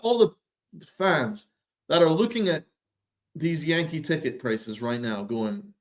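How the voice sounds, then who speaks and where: Man, slightly higher voice, sarcastic ranting podcast host, exasperated and profane. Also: lively intonation, slow pace, pauses often. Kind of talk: ranting sports commentary.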